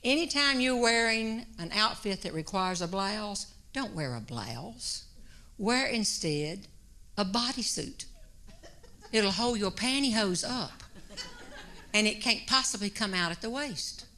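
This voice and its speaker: A woman's voice: mid-range voice, expressive, measured pace, pushed and bright. A woman voicing a confident, matter-of-fact fashion consultant woman with a New York accent. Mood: businesslike.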